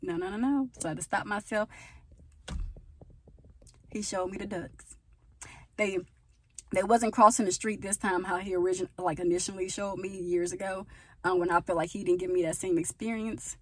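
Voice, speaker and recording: A woman's voice: medium pitch, steady tone, normal speed, pauses often, darkish tone, breathy edge. A woman chatting casually to her viewers on a phone camera outdoors, with rambling asides, calling them y'all. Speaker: vlogger. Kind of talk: casual faith-sharing vlog to viewers. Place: outdoors at her parents' home.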